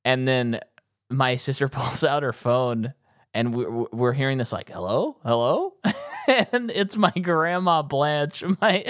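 A man co-hosting a casual movie podcast, telling a long funny story and acting out movie lines in sudden high voices. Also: slow pace, a bit bright, dry recording, clean studio sound. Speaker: podcast co-host.

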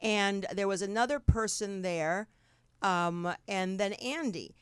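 A woman's voice: mid-range voice, slow pace, smooth, no room sound. Brash New Jersey woman hosting, dry sound. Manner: brash, swears freely, rambling storyteller. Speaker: talk show host. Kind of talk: casual chat.

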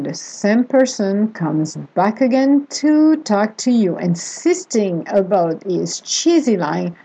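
A woman narrating a second-person story with a measured, deliberate delivery. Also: mid-range voice, creaky, warm tone, slightly rough, low-quality recording.

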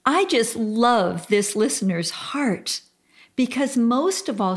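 A woman's voice: on the high side, animated. An older woman hosting a Christian advice talk, speaking in an earnest, heartfelt way. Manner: earnest and heartfelt, slow and deliberate; slow-paced. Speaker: radio show host.

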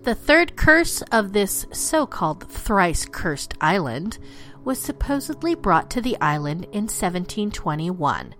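A woman narrates eerie legends with a playful, theatrical flair and a lively, swooping pitch. She drops into mock pirate talk now and then. Faint music plays beneath her voice. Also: unhurried. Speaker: podcast host. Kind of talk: storytelling narration of dark legends.

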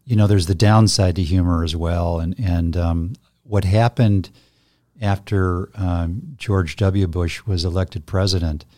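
A middle-aged man with a fairly low voice tells a joke in casual conversation. He talks with lots of fillers and breaks into laughter often. The sound is dry and close. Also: steady tone, unhurried, warm tone, no room sound. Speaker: podcast co-host telling a joke.

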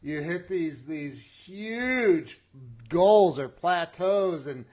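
A man's voice: on the high side, expressive, very slow, a little mellow. A man hosting a podcast interview, enthusiastic and laughing often, starting his sentences over. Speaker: podcast host. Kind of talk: casual interview chat.

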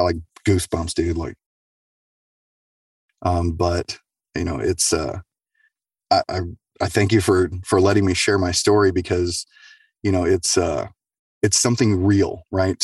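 Husky-voiced man telling a true story. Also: sits low, no echo, clean studio sound, distant mic. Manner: loose, profane, filler-heavy, keeps asking "right?". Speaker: storyteller sharing a true experience. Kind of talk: casual spoken storytelling.

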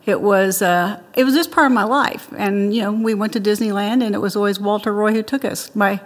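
A woman's voice: mid-range voice, a little fast, big-room sound. An older woman being interviewed, telling childhood stories in a chatty way and laughing often. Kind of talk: interview storytelling.

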